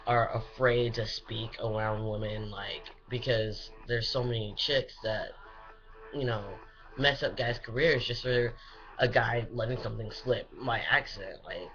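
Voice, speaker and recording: A man's voice: mid-range voice, steady tone, measured pace, bright, forceful tone, soft background music. Rambling young man, dull lo-fi audio. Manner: rambling, many fillers and restarts; swears freely. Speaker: vlogger. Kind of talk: casual personal update to camera. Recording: dull lo-fi recording.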